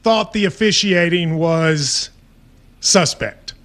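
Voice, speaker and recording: A man hosting a sports radio talk show, his voice high and bright. He speaks with wry self-assurance and likes to tease. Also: slow.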